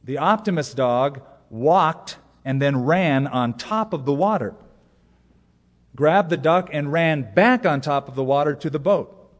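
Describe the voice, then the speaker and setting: A man's voice: a little high, animated, a little slow. A man preaching a sermon, telling jokes and stories and repeating words for emphasis. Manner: storytelling with jokes, emphatic repetition. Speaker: pastor. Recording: long reverb of a large hall.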